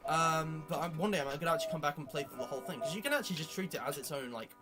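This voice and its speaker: A man's voice: a little high, very fast. A man hosting a casual chat with friends, giving opinions in a rambling way with lots of fillers. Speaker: YouTube host. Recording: music playing under the voice.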